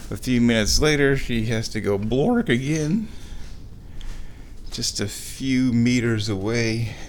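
A man's voice: mid-range voice, a little hiss or hum. A man casually narrating a home vlog from his kitchen, rambling and self-amused, often chuckling as he talks. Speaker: vlogger.

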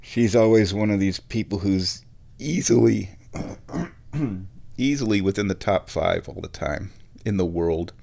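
A man's voice: sits low, unhurried, gravelly, warm tone. A man chatting casually to viewers, thinking aloud and searching for words as he rambles from topic to topic. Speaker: vlogger. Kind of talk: casual rambling chat while watching sport.

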